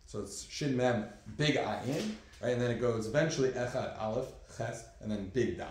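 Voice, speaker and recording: Rabbi lecturing in a very echoey room. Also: male voice, mid-range voice, normal speed, darkish tone, a little hiss or hum. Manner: conversational, with fillers and asides. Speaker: rabbi teaching a class. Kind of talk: classroom lecture.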